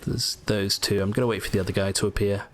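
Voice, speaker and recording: A man with a somewhat low voice talks casually over his gameplay, explaining tricks and tips in a chatty way. He often mutters short asides to himself between the explanations. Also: fairly even intonation, quick pace. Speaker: gameplay walkthrough host. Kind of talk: casual game commentary.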